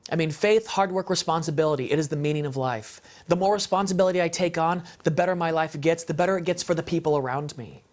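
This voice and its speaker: A man's voice: on the high side, fast, few pauses. A man giving a heartfelt, passionate faith testimony as a guest, talking in an emphatic, conversational way and repeating phrases for stress. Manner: conversational, with fillers and restarts. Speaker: guest speaker on a parenting show.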